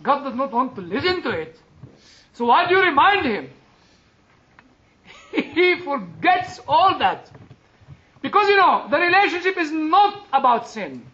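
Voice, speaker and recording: A man, a chaplain, giving an earnest sermon and telling personal stories, leaning hard on some words and letting quieter phrases trail off. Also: extremely high pitch, sing-song, measured pace, long pauses, a little hiss or hum. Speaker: chaplain and preacher. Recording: dull lo-fi recording.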